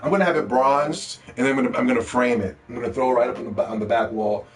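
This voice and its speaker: A young man hosting a live gaming stream, ranting casually and playfully with lots of swearing and bursts of shouting. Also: mid-range voice, racing. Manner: animated, profane, playful shouting.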